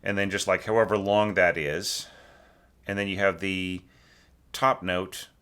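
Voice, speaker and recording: A man with a low, smooth, fairly bright voice speaks at a measured pace with fairly even intonation. He teaches orchestration and gives a casual spoken critique of a student's score, thinking aloud with frequent restarts and tag questions. Now and then he sings rhythms to demonstrate a point.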